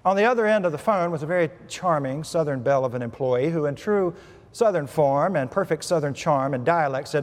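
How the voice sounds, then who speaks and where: A male pastor with a fairly high voice delivers a sermon, weaving humor into his storytelling. His voice rises and drops in volume as he works the congregation. The sound carries a long reverb from a large church sanctuary. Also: normal speed. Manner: storytelling with humor, lively shifts in pitch and volume. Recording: preached in a hall with long reverb.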